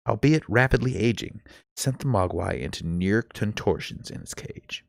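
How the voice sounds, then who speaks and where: A man reads a novel aloud live, telling the story expressively and stumbling now and then. His voice is low and gravelly with a lively, swinging pitch. The sound is close and dry. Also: moderate pace, dry recording. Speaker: book reader.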